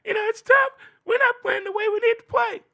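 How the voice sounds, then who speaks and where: A man doing a mocking impression of a whiny, high-voiced male star quarterback who rambles fast and pleads. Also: gravelly, pushed and bright, full character voice.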